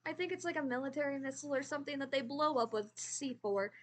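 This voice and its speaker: A woman's voice: sits high, fast. An American woman chatting casually as she reviews a book, rambling and correcting herself as she goes. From United States. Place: at a desk with a computer.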